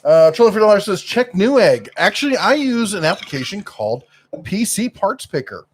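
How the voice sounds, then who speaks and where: A man's voice: high voice, sing-song, moderate pace, a little hiss or hum. A middle-aged man chats casually as co-host of a live stream. He rambles and stops often to search for the right word, with lots of fillers.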